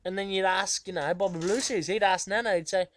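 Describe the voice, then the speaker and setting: A man's voice: high voice, brisk, a little hiss or hum, natural voice. A man with an Australian accent playing a cheeky, laid-back guitarist who rambles in slang in a comic interview. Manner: rambling, slangy, full of fillers. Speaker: musician being interviewed. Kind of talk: comedic character interview.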